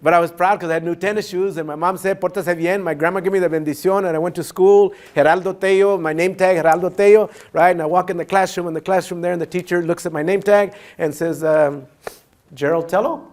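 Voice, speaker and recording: A man giving a storytelling keynote speech, animated, mixing Spanish phrases into his English. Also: high-pitched, fast talker, few pauses. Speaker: keynote speaker.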